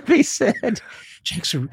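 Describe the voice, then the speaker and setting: Lively teasing man hosting a chat. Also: very high-pitched, slow, slightly rough. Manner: teasing, lively storytelling, laughs often. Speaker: podcast host. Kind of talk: casual chat.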